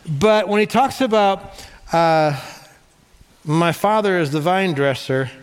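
A man pastor preaching a sermon in an animated way, repeating phrases for emphasis, in a large church hall. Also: high voice. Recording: long hall reverb.

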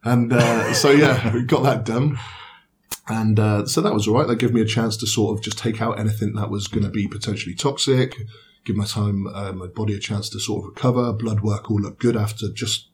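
Bodybuilder guy chatting loose and rambly, kinda low voice. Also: fairly even intonation, a little fast, a little hiss or hum. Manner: laid-back, rambling recap with fillers. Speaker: bodybuilder guest. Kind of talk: casual podcast chat.

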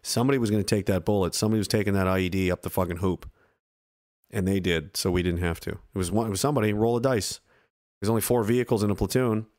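A man's voice: lowish voice, fast talker, darkish tone. A man in his thirties from Canada, a veteran streamer giving blunt, profane, heated commentary to his live chat. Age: 30s.

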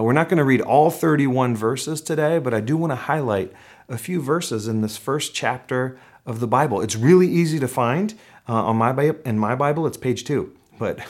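Male pastor, mid-range voice, relaxed conversational sermon delivery with measured scripture reading. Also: mid-range voice. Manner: conversational preaching with fillers and restarts, reads scripture slowly.

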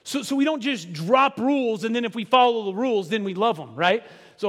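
A middle-aged man preaching a sermon in a conversational style, dropping to a hush and then building loud, with teasing asides to the congregation. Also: sits high, animated, brisk. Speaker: pastor. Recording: long hall reverb.

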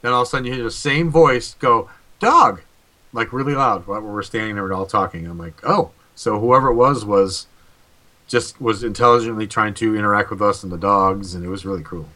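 A man's voice: on the low side, steady tone, fast talker, sharp tone. A man who investigates hauntings and calls himself psychic, rambling casually on a live video call show and acting out what people said. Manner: rambling, restarts often, acts out quotes. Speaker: paranormal investigator and psychic co-host. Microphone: video call mic.

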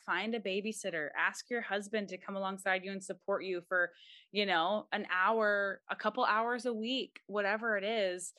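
A woman's voice: mid-range voice, fairly even intonation, normal speed, bright, forceful tone, no echo, studio quality. A young woman, a mom, giving earnest and encouraging faith-based advice as a podcast guest. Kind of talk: casual interview talk.

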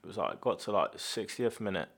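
A man who used to play football, telling stories in relaxed podcast chat with lots of fillers. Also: lowish voice, fairly quick, gravelly. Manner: relaxed storytelling with many fillers. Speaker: former footballer, guest.

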